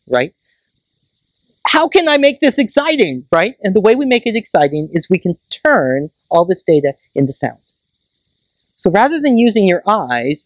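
An astronomer gives a public science lecture at a planetarium, enthusiastic and explaining with plain everyday comparisons. The speaker keeps checking in with the audience with a quick "right?". The voice sits in a middle pitch and is recorded dry, with little room sound. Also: dry recording.

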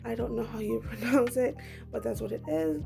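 A woman's voice: a little high, fairly quick, vocal fry, over music. A woman doing a casual, chatty voiceover for a beauty vlog in her groggy morning voice, full of playful slang. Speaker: beauty vlogger.

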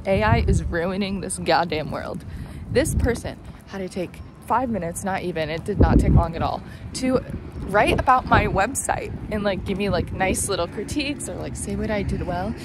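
A woman's voice: medium pitch, expressive, moderate pace, noisy background. Young woman ranting into her phone. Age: early 20s. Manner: frustrated ranting, swears often. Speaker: college student vlogger. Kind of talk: casual vlog to camera. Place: her car, then her apartment. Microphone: phone held at arm's length.

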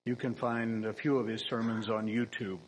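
A man preaching a sermon in a church, earnest and emphatic, with dry humorous asides and frequent throat-clearing. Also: lowish voice, flat delivery, moderate pace, a little hiss or hum, poor audio.

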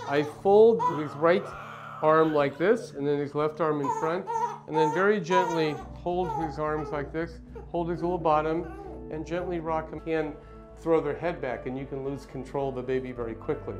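Gentle, reassuring man, somewhat high-pitched. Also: steady tone, normal speed. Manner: gentle, reassuring, plain explaining. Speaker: pediatrician. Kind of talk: demonstration with instructions to parents. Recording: faint music behind.

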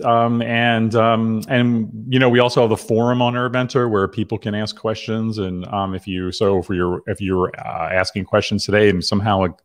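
Middle-aged male livestream host, low-pitched, loose and rambling, lots of ums, on a video call. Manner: chatty, rambling, with many fillers and restarts. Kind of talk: casual livestream hosting.

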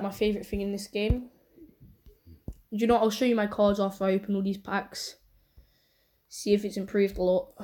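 A woman hosting casual pack-opening commentary, chatty and excitable with sudden shrieks. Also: mid-range voice, slight background noise. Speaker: channel host.

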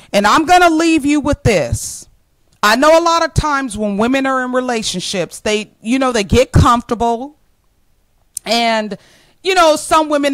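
In a low-quality recording with no room sound, a woman in her forties with a voice on the high side delivers a direct-to-camera motivational talk. Plainspoken and earnest, she calls her listeners ladies and stresses her points by repeating them emphatically.

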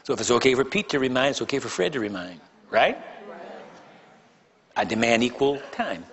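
A male pastor preaching to his congregation, his voice carrying through a church hall with a long, lingering reverb. He mixes playful teasing of the crowd with heavy emphasis on single words and repeated phrases, at a middling pitch. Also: very animated, moderate pace, highs cut off. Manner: joking, teasing the congregation between emphatic points. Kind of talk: sermon. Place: church sanctuary before a congregation.

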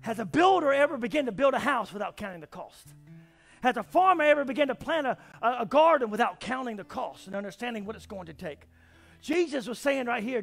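A man preaching a sermon as pastor, swinging from shouts to quiet talk. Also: extremely high pitch, gravelly. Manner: preaching, often shouting and then dropping quiet. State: out of breath.

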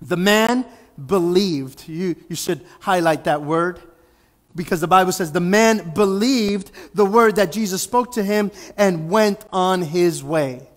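A male pastor with a notably high voice delivers a sermon in an easy, conversational way. He leans on rhetorical questions to drive each point home. The recording carries a long church-hall reverb. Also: a little slow. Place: church sanctuary.

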